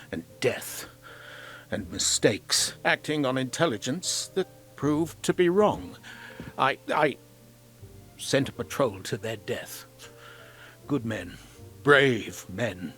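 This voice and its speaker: A man's voice: mid-range voice, a bit bright. A man voicing a proud, guilt-ridden army captain in a video game, curt and bitter in manner. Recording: game audio with faint music behind.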